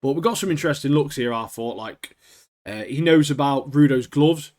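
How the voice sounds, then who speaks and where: A man chats casually on an anime podcast, his voice sitting at an ordinary middle pitch. He rambles loosely, peppering his talk with fillers and easy laughter. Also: normal speed, darkish tone. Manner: rambling, laughs often, lots of "like" and "mate". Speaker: podcast co-host.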